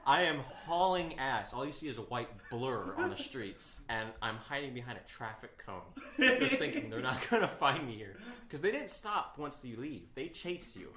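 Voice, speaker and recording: Animated man telling a story in an echoey room. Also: medium pitch, normal speed. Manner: animated storyteller, swears and laughs often. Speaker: podcast co-host. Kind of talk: casual chat, storytelling. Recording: echoey room with faint ambience.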